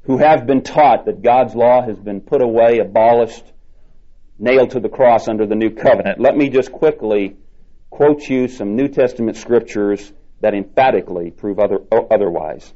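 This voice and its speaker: A male preacher delivering a sermon with a dark, mellow tone. He hammers his points home, repeating words and stretching the stressed ones. The sound is dull and lo-fi, like an old tape recording. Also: medium pitch. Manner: emphatic, repeats key words with drawn-out stresses.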